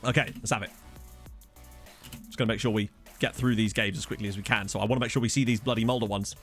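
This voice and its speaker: A man's voice: lowish voice, steady tone, fast talker, fairly bright tone. A young man chatting casually and joking while playing a football management game, with game music faint behind. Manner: chatty, jokey, reacting to the match. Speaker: gaming channel host. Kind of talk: casual let's-play commentary. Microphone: desktop studio mic.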